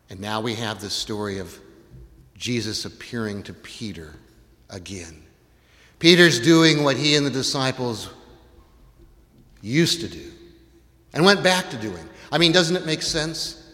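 A man preaching a sermon, retelling a story with animated, dramatic delivery. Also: mid-range voice, unhurried, pauses often. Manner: animated storytelling, acts out voices, rises to shouts. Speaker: pastor. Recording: long reverb in a large hall.

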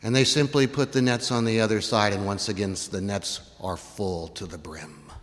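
A man preaching a sermon, retelling a story with animated, dramatic delivery. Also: on the low side, normal speed. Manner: animated storytelling, acts out voices, rises to shouts. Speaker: pastor. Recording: long reverb in a large hall.

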